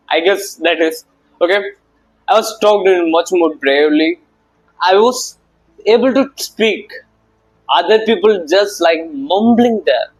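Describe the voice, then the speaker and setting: A man's voice: sits high, husky, rough recording. A young man giving a casual motivational talk to camera. He speaks informally with slang, addresses the viewer directly and repeats his points. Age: young adult. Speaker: self-help video maker.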